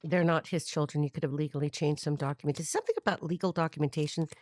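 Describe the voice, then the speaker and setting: A middle-aged American woman gives a freestyle tarot reading monologue, rambling, free-associating and wisecracking with some profanity, breaking into sung snippets and put-on voices. Her voice sits low, steady and a little mellow, she talks fast, and there's no echo.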